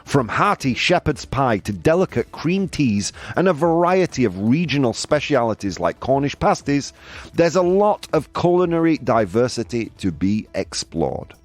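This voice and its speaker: A man's voice: mid-range voice, big pitch swings, normal speed, dry recording. A man hosting a show, reading out points in a playful, joking way. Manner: playful, jokey, frequent laughs and asides. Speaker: show host. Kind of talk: casual show talk, reading a list aloud. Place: home studio.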